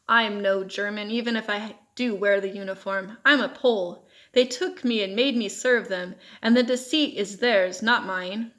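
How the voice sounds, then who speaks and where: A desperate young captive soldier begs to be believed, as a woman reader voices him, insistent and earnest. The voice sits at an ordinary middle pitch and stays close to a plain reading voice. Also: fairly even intonation, normal speed, few pauses, fairly bright tone, close to an everyday voice. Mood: pleading. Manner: pleading, insistent.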